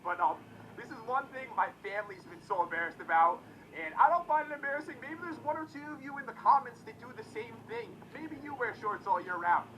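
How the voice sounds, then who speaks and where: A man's voice: very high-pitched, big pitch swings, quick pace, bright, forceful tone, slight background noise, rough recording. A young man in his twenties chatting casually to viewers in a vlog, joking about himself and calling them guys. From Connecticut, US. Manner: chatty, self-deprecating, addresses viewers as guys. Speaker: YouTuber.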